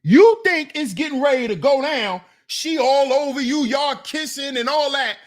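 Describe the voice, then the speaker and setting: Animated laughing man talking to the fellas. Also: very high voice, moderate pace. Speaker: online commentator reacting to clips. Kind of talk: casual reaction commentary.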